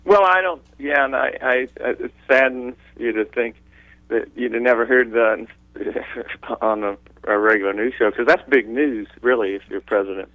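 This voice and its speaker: A man's voice: mid-range voice, normal speed, dry recording, phone-quality sound. Reflective rambling man, dry sound. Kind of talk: casual chat.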